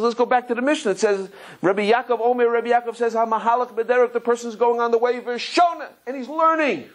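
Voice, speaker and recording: A man teaching a Torah class as a rabbi, telling stories in an animated, digressive way and often repeating words. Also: very high-pitched. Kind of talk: Torah lecture with storytelling.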